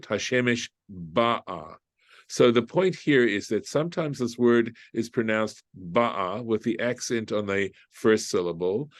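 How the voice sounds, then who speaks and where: Low-voiced rabbi teaching a study class. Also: male voice, no echo, clean studio sound. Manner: thinking aloud, asks "right?" often, translates Hebrew phrases. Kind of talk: informal group Bible study.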